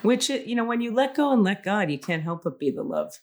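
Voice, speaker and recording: A middle-aged woman co-hosting a spiritual podcast, reading card messages aloud in a calm, soothing cadence. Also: mid-range voice, brisk. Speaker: podcast co-host reading intuitive cards.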